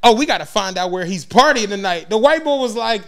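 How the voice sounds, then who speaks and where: A man with a fairly high voice tells a story in a casual podcast chat. He is slangy and profane, acting out what people said and laughing a lot as he goes. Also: a little fast, over a noisy crowd. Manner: animated storyteller, acts out quotes, laughs a lot. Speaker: podcast co-host.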